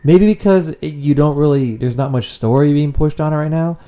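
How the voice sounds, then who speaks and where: A man's voice: a little high, fairly quick, warm tone. A man co-hosting a casual podcast, rambling and swearing freely as he chats. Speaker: podcast co-host.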